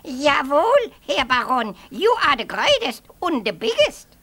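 A man's voice: extremely high pitch, huge pitch swings, measured pace, pushed and bright, voice pushed up, exaggerated voice. A man voicing the baron's fawning German aide in a comic German accent. The aide mangles his word order and agrees eagerly with everything. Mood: obsequious.

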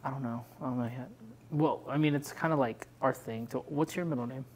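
A young man co-hosting a casual podcast, chatty and relaxed, often laughing. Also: medium pitch, a little fast, husky. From Pacific islands heritage, Filipino. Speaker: podcast co-host. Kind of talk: casual chat.

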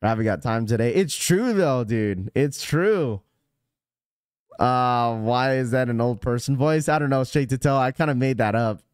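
Male streamer-host, smooth voice with dry close sound, loose, jokey and animated. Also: mid-range voice, moderate pace, no room sound. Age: adult. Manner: animated, joking, ranting to chat. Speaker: sneaker podcast host. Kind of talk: casual livestream chat.

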